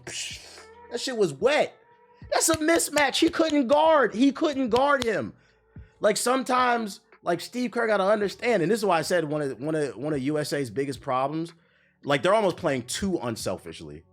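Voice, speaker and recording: A man's voice: sits high, lively intonation, moderate pace. A young man streaming live, ranting in a heated, profane and emphatic way, with faint music behind him. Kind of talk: animated live-stream rant.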